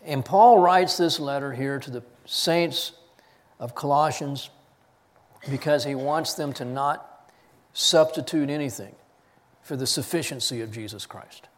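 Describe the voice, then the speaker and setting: A man preaching a sermon, reading scripture with rising force and dropping low to press his points. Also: a little slow, big-room sound. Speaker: pastor.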